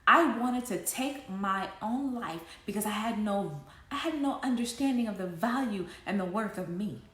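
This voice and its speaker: A woman in her forties hosting an online faith talk, preaching passionately, swinging between loud emphasis and soft asides and laughing often. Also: medium pitch, lively intonation, moderate pace, roomy sound. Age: 40s.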